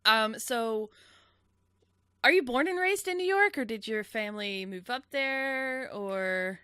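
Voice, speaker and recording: Bright, upbeat woman podcast host. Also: on the high side, lively intonation, slow pace, clear, resonant tone, dry recording, clean studio sound. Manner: upbeat, laughs often. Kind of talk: casual interview chat.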